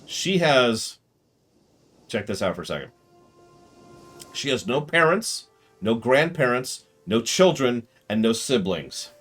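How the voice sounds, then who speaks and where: A man's voice: mid-range voice, sing-song, slow, pauses often, a bit bright, breathy edge, soft background music. Chatty man streaming a strategy game. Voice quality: joking, chatty, reacts aloud to the game. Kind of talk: casual gameplay commentary.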